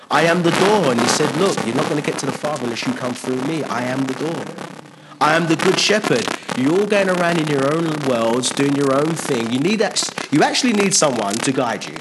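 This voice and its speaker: A man's voice: a little high, very noisy. Conversational male preacher with emphatic repetition. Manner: conversational, emphatic, repeats phrases. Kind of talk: sermon.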